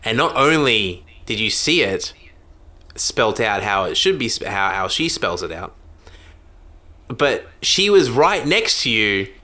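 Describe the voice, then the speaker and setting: A low-pitched Australian man with a bright, forceful tone. He rambles through casual stories, restarting sentences and poking fun at himself. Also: big pitch swings, measured pace. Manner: rambling, self-deprecating, many restarts. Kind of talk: casual chat.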